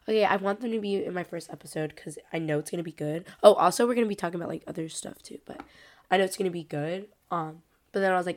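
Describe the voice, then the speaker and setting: Sick-sounding teen girl podcast host. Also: on the low side. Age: late teens. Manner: rambling, heavy use of "like" fillers. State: sick, congested voice. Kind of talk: casual solo podcast chat.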